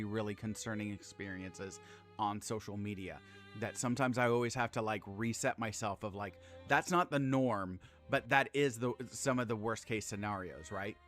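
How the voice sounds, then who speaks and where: Dude in his 30s streaming a game, bright voice, hyped and swearing, then all sincere. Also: fairly low pitch. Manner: excitable, swears freely, earnest when praising others. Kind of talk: casual gameplay commentary.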